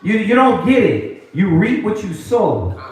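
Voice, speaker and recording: Animated male street preacher, high voice, heard from far off. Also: unhurried. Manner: animated, mocking voices of others. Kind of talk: preaching to a group. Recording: echoey room from far off.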